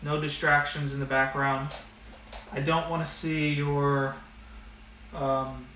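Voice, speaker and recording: Speaking casually and directly, with many fillers, a man walks his online math students through the rules. His voice is higher than average with a fairly bright tone, and the audio carries a little hiss or hum, room echo, and a somewhat distant mic.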